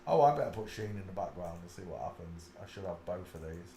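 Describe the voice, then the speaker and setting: A man's voice: lively intonation, fast talker, gravelly, dark tone. Man rambling in a roomy room. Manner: rambling, mutters asides to himself; breaks into high shrieking laughter. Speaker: live stream host. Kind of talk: live stream commentary.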